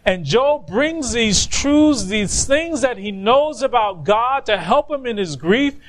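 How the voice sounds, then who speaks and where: A male preacher with a high voice delivers a sermon at an unhurried pace. He lands on his main points with emphatic, drawn-out stresses. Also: expressive.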